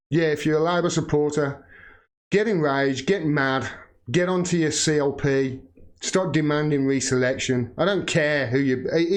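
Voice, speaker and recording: A man rants at his viewers in a heated, profane voice that sits a little on the high side. He swings between grumbling asides and sharp, rising outbursts. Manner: heated, swearing, rising to shouting pitch. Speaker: political commentator. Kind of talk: angry political rant to camera.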